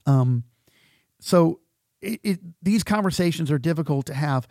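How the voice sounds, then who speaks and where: Pastor, middle-aged man, gravelly and mellow, dry close sound. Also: fairly high pitch, expressive, dry recording. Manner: earnest, halting with frequent repeated words. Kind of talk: conversational teaching talk.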